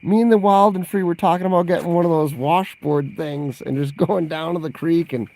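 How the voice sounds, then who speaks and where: A man's voice: fairly high pitch, a little fast, vocal fry, darkish tone. A man in a casual livestream Q&A, rambling and chatty, laughing often and reacting to live chat messages. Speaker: vlogger answering viewer questions.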